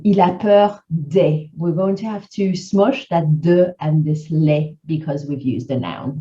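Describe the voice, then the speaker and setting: A woman teaching a grammar lesson, explaining clearly and mixing in French example phrases. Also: sits low, mellow, highs cut off.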